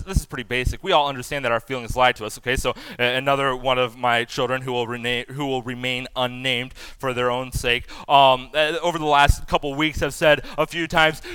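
A man in his thirties preaching a sermon as pastor, animated and self-deprecating, loudly acting out the voices he quotes. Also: mid-range voice, clear, resonant tone, no echo.

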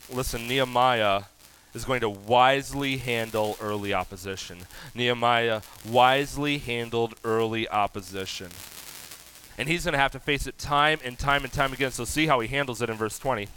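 A man preaching a sermon as pastor, animated, rising loud for emphasis. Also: mid-range voice, normal speed, a little hiss or hum, low-quality recording.

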